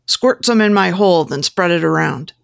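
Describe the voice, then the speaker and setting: A woman's voice: lowish voice, expressive, normal speed, creaky, no room sound, clean studio sound. A woman voicing a pushy, lecherous male photographer who coaxes and gives step-by-step instructions in an erotic audiobook. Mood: bossy. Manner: coaxing, giving step-by-step instructions.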